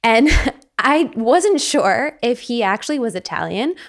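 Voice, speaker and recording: A woman's voice: a little high, very animated, measured pace. A young American woman hosting a casual chat, talking easily, correcting herself now and then and laughing often. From United States. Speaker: host.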